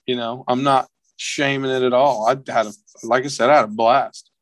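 A young man appearing as a podcast guest tells a casual story, his mid-range voice close and dry with no room sound. He voices the quotes higher and more animatedly, keeping a fairly even intonation at a normal pace.

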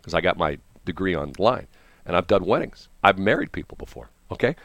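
Male radio host, low voice, very animated pitch, dry studio sound, chatty storytelling. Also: a little fast, dry recording. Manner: animated, acts out quoted people. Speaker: radio morning show host. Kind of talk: rambling on-air storytelling.

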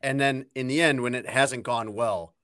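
A man's voice: medium pitch, fairly even intonation, moderate pace, a bit bright, clean tone. A man, a sports reporter, talking casually and with strong opinions, and teasing his critics.

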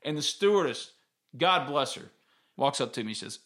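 A man's voice: medium pitch, animated, normal speed, bright, forceful tone. A man, hosting a casual sports podcast and telling stories in a candid, rambling way. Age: 30s. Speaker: podcast host.

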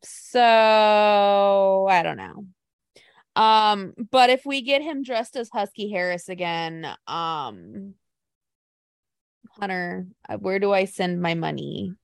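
A woman co-hosting a casual podcast chat, telling stories in an animated, gushing way. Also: medium pitch, takes it slowly, gravelly, smooth, dry recording, clean studio sound.

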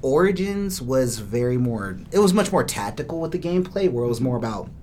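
A man's voice: medium pitch, sing-song, a little fast, warm tone, slight background noise. A man hosting a podcast, explaining things with casual enthusiasm. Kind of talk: casual chat.

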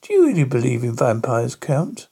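Man doing a wary time-traveller doctor, husky, low-key, storybook reading. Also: wildly swooping pitch, moderate pace, mellow, exaggerated voice.

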